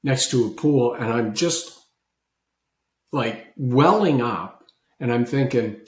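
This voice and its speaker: A man, a guest on a podcast, telling a personal story about gratitude with animated, lively swings in his voice. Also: takes it slowly, long pauses, reverberant. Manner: animated storyteller, voice leaping high when recalling his own past disbelief.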